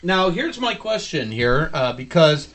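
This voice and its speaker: A man co-hosts a podcast and keeps up a playful, teasing banter. His voice is high for a man and swings widely in pitch. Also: big pitch swings, a little slow, a bit bright. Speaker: podcast co-host. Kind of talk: casual chat.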